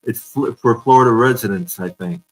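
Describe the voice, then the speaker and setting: A man's voice: mid-range voice, moderate pace, rough recording. A man hosting a casual live-streamed fan chat, telling stories and laughing often over a video call. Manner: chatty storyteller, laughs often. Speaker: fan show host.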